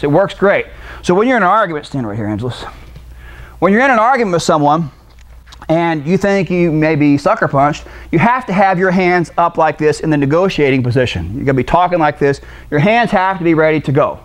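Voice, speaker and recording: High-voiced man teaching self-defense. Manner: casual, demonstrating moves while directing a partner. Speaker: martial arts instructor. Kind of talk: demonstrating self-defense techniques.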